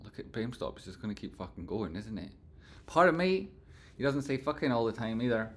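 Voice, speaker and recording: A man's voice: fairly low pitch, quick pace, a little mellow. A man hosting a live stream in casual chat, reading out and thanking viewers and breaking into playful sung phrases. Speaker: livestream host.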